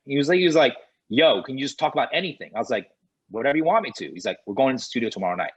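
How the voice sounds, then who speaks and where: A man guest on a podcast, telling a lively anecdote and acting out the dialogue of others. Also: medium pitch, rapid-fire, husky, low-quality recording. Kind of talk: animated storytelling in conversation.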